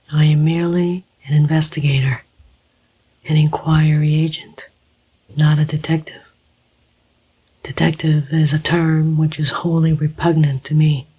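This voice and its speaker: A narrator whispering the part of a gentle, formal older male inquiry agent, as whispered role-play. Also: medium pitch, slightly rough, rough recording.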